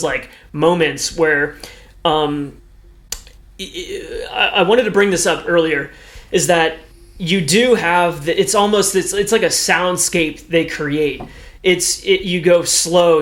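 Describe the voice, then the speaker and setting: Here a podcast co-host chats casually, his voice a man's, leaning high with a fairly bright tone. His talk wanders, full of restarts and filler words.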